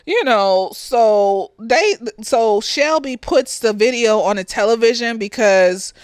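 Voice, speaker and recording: Lively, profane woman reviewer, slightly tipsy. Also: on the high side, takes it slowly, clean tone, no echo. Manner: animated, profane, laughs often. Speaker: therapist reviewing a movie. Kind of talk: casual chatty review.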